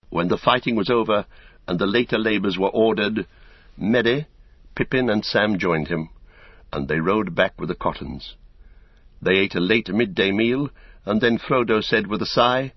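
A man narrating an audiobook in a steady, measured reading. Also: fairly low pitch, breathy edge, no room sound. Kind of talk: scripted narration. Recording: dull, dry recording.

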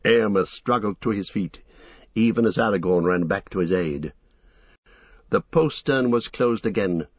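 A man narrating an epic fantasy audiobook in a measured, dramatic storytelling manner. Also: lowish voice, slightly rough, dry recording, muffled recording.

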